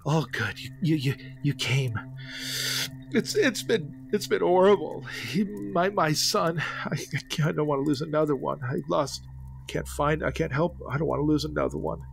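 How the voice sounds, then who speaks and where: A man's voice: on the high side, moderate pace, creaky, low-quality recording. A man voicing a frail, grieving older lord who stammers and repeats himself. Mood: distraught. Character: frail grieving old male lord, trembling.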